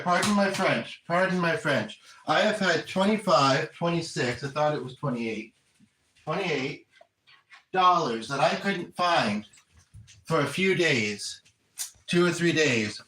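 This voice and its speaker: A man's voice: a little high, fairly bright tone. A man, a spiritual medium, chatting casually and earnestly, often stopping mid-thought and restarting. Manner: rambling, self-interrupting, earnest. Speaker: spiritual medium relaying messages. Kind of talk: casual livestream chat. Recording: roomy echo, distant from mic, faint noise.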